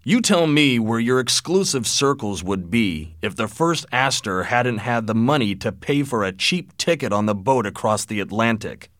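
A man voicing a blunt, wealthy old father who lectures his son forcefully, in a lively but dry-sounding reading. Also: medium pitch, moderate pace, hardly any pauses, dry recording, lightly acted.

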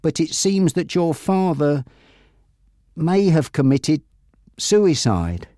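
A man voicing a male police officer delivering bad news quietly and hesitantly in a read-aloud story. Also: on the high side, big pitch swings, slow, dry recording, studio quality, voice pushed up. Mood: gentle.

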